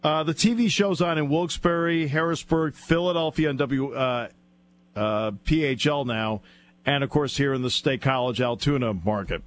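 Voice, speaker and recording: A man's voice: medium pitch, normal speed. A man telling a funny anecdote as a guest on a sports radio show, laughing often as he goes. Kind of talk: casual radio chat, storytelling.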